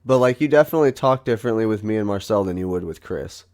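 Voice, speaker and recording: Male co-host with a lower voice, playful and profane, quick to riff on his partner. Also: lively intonation, darkish tone. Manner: joking, echoes the other's lines, swears freely. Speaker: podcast co-host. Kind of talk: casual chat.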